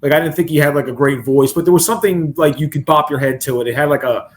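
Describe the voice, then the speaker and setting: Male reaction co-host, slightly high voice, casual and rambling, thinks out loud. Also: quick pace. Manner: rambling, thinks aloud with many restarts. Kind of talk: casual chat reacting to a song.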